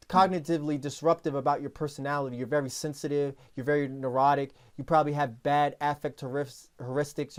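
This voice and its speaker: A man hosting a podcast in casual talk, telling stories in a rambling, animated way with many restarts. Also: a little high. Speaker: podcast host.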